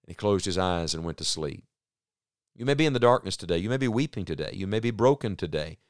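A man preaching a broadcast sermon in an earnest way, slowing down into emphatic pauses. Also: low voice, lively intonation, dry recording, clean studio sound.

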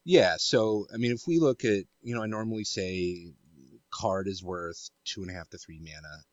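Low-voiced man, measured and analytical. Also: dry recording, highs cut off. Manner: measured, analytical, many ums and caveats. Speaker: card game analyst. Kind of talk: casual podcast discussion.

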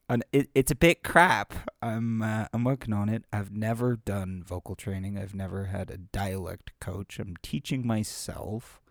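A man's voice: fairly low pitch, unhurried, dry recording, studio quality. A man who reads children's stories aloud, chatting casually about his practice in a rambling, self-deprecating way with many fillers. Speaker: amateur reader of children's stories. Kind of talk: casual chat after a reading.

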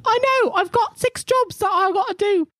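A man voicing a breathless, excitable five-year-old errand boy in a tabletop game. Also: extremely high pitch, normal speed, no echo, voice pushed up. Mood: hurried.

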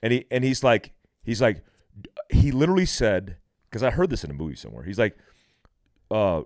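Middle-aged veteran guest, very low voice, dry close mic, animated and profane storyteller. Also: male voice, a little fast, long pauses, no echo. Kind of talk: casual podcast conversation.

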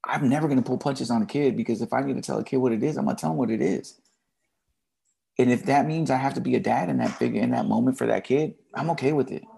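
Man, gravelly voice, dark mellow tone, blunt, emotional, casual slang, interview guest. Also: medium pitch. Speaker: teacher, podcast guest. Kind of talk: candid interview storytelling.

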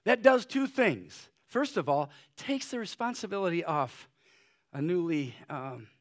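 A male pastor preaching a sermon, shifting between loud urgent exhortation and soft, quiet pleading, with conversational fillers. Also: on the high side, sing-song, unhurried.

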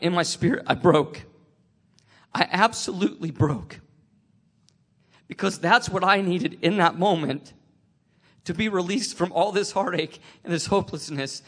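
A man sharing a personal faith testimony, emotional and tearful, halting with many restarts. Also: high-pitched, fairly bright tone.

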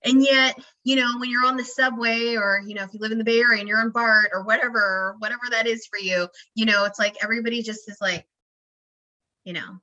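A woman sits down for a podcast interview and talks in a bright, tense, ringing voice pitched a little high. She is chatty and animated, fills her sentences with "you know" and "like," and slips into acted-out quotes between bursts of laughter. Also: brisk, dull audio. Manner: expressive, acts out quoted voices, laughs often. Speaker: guest, founder and emotional wellness practitioner.

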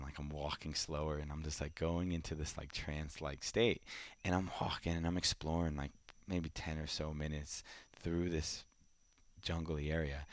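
A man casually telling a long personal story as a podcast guest, with many "like"s, sometimes dropping to a hush. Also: a bass voice, no echo. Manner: animated storyteller, many "like"s, drops to a hush in quiet moments.

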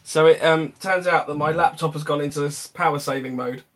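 A man co-hosting a casual live-stream chat, relaxed and swearing casually while running a quiz, on a laptop mic. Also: a little high, brisk. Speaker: podcast co-host.

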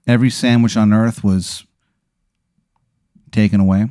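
A man's voice: on the low side, unhurried, no echo, clean studio sound. A man hosting a podcast, rambling through an improvised comedy bit and slipping into goofy voices. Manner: animated rambling storyteller with goofy put-on voices. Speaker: podcast host.

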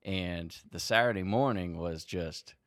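A man co-hosting a podcast, telling a long story in an animated way and swearing freely. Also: deep voice, a little slow, no echo, clean studio sound. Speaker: podcast co-host. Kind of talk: casual storytelling chat.

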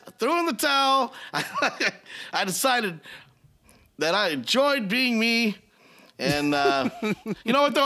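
A man's voice: sits high, sharp tone. A man hosting a casual podcast, out of breath as he talks, laughing constantly and swearing freely in a jokey, self-mocking way. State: out of breath while talking. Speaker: podcast host.

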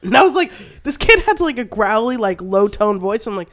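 A woman's voice: a little high, big pitch swings, a little fast, a bit bright. A woman co-hosting a podcast, telling casual stories with frequent laughs and swearing. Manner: storytelling, swears freely, laughs often. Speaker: podcast co-host. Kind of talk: casual chat.

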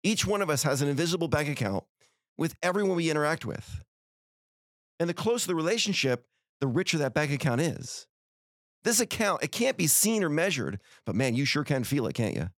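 A man's voice: a little high, very animated, fairly quick, no echo, studio quality. A middle-aged man hosting a podcast, giving an earnest, folksy motivational talk full of rhetorical questions. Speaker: podcast host.

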